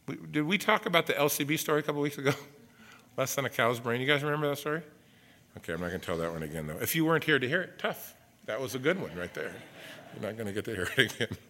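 A man preaching a sermon in church, animated, with conversational asides and acted-out quotes. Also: medium pitch, fast. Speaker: pastor.

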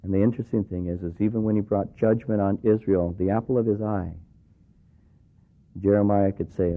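A man's voice: lowish voice, fairly even intonation, a little fast. Preaching man on a tinny radio broadcast. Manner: conversational preaching, acts out quoted voices. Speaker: pastor. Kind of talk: sermon.

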